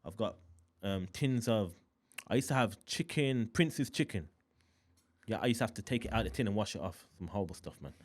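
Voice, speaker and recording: An interview guest from Birmingham, England, tells a story in a Birmingham accent, his fairly low voice moving a little fast. His talk is casual and slangy, and he animatedly acts out the scenes.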